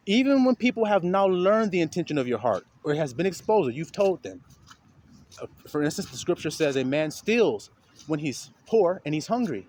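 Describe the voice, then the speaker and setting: A man preaching an informal, profane street sermon, swinging between loud outbursts and low asides and acting out the voices of the people he quotes. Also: a little hiss or hum. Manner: profane, colloquial.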